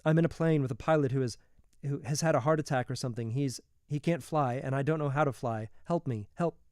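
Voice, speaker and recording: A man's voice: medium pitch, a little fast, darkish tone, clear, resonant tone, dry recording, studio quality, close to an everyday voice. A man voicing a frightened teenage boy alone in a small plane, calling for help over a radio in a frantic, pleading voice. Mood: desperate.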